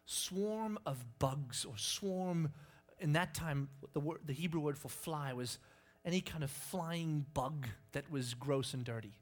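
A man preaching a sermon, animated and playful, acting out scenes with sudden yelps. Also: a little high, normal speed. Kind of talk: sermon with lively storytelling.

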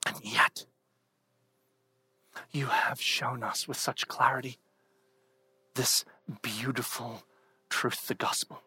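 A man preaching a sermon, reading scripture dramatically and swinging between hushed whispers and loud, soaring declarations. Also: mid-range voice, steady tone, takes it slowly, pauses often, husky. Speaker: pastor.

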